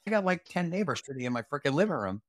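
A man's voice: a little high, very animated, racing, no room sound, clean studio sound. Blunt, profane storyteller man. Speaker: interview guest, retired Army sergeant. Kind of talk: casual storytelling interview.

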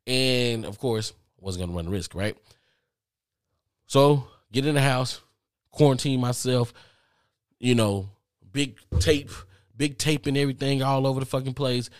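A man vlogging, telling a story casually to his viewers with lots of cursing and animated asides. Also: medium pitch, measured pace, pauses often, no room sound, clean studio sound. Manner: profane, animated, talks straight to viewers.

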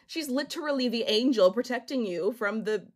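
A woman's voice: on the high side, expressive, moderate pace. A young woman co-hosting a casual podcast, chatting animatedly and laughing often. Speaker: podcast co-host. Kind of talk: casual chat recapping a reality show.

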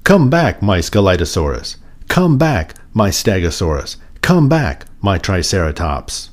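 A man's voice: on the low side, big pitch swings, normal speed, a little mellow. A man reading aloud and voicing an earnest small boy who loves his toys. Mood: calling. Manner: earnest, pleading.

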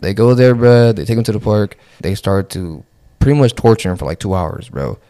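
A man's voice: on the low side, lively intonation, fairly quick, warm tone, dry recording, clean studio sound. A young man co-hosting a podcast, telling a story in laid-back slang with many fillers. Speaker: podcast co-host. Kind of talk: casual chat, storytelling.

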